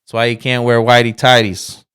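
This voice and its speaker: A man's voice: mid-range voice, flat delivery, normal speed, a bit bright, smooth. A man in his thirties co-hosting a casual podcast, rambling with many restarts and swearing as he talks. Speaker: podcast co-host.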